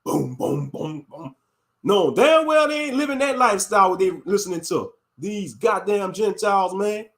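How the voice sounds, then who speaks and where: Man, high-pitched voice, blunt heated rant, commentary. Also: expressive, normal speed, fairly bright tone. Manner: blunt, heated, repeats catchphrases. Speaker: YouTube commentator. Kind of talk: ranting commentary.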